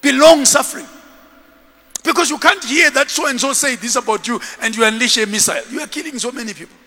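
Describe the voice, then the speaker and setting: A man preaching a sermon as a bishop, telling stories in an animated way and acting out the scenes. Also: extremely high pitch, quick pace, in a large hall.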